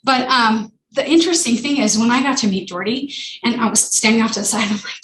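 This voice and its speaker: A woman speaking at a radio club meeting, telling stories in a lively way and acting out the people in them. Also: on the high side, brisk, slight background noise. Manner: animated, acts out the people in her stories. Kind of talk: lively storytelling talk. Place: meeting room. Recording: roomy, distant mic with faint ambience.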